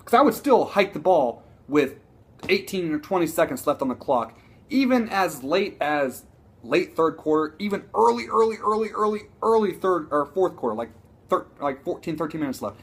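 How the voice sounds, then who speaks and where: Husky, profane football-fan man ranting. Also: a little high, moderate pace. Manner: profane, excitable, rambling with restarts. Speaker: sports vlogger. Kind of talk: casual sports rant.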